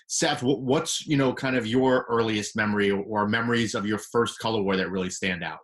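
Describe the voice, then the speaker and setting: Male interviewer host, halting, filler-heavy questions. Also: fairly low pitch, fairly bright tone.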